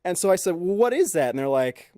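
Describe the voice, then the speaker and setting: A man's voice: high-pitched, sing-song, fast, dark tone, no echo, clean studio sound. A man co-hosting a podcast, telling a story casually and acting out the people he quotes. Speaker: podcast co-host. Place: podcast studio.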